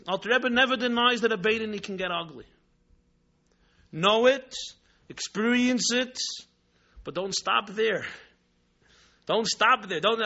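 A man teaching a religious class with lively, emphatic storytelling and rhetorical repetition. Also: high voice, normal speed. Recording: dull lo-fi recording.

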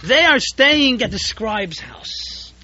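A man's voice: very high-pitched, very animated, takes it slowly, sharp tone, pitched above the performer's own voice, full character voice. A man voicing a plain-spoken male coachman who answers in a matter-of-fact way, on a dull lo-fi tape recording.

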